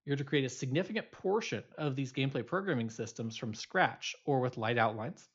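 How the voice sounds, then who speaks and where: A man's voice: medium pitch, lively intonation, fairly quick, breathy edge, dull audio. A male instructor giving a recorded programming lecture, explaining loosely with many fillers and restarts.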